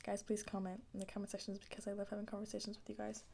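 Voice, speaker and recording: A young woman, chatting casually in soft-spoken ASMR style, slipping into whispers as she rambles in slang. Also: medium pitch, monotone, rapid-fire, gravelly, a little hiss or hum. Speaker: ASMR creator.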